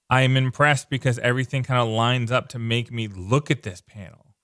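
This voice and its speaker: A man casually walking through comic book pages, excited and loose, leaning on "like" and repeating himself. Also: mid-range voice, normal speed, smooth, no room sound, studio quality. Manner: enthusiastic, loose, repeats words, lots of "like". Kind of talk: casual page-by-page comic commentary.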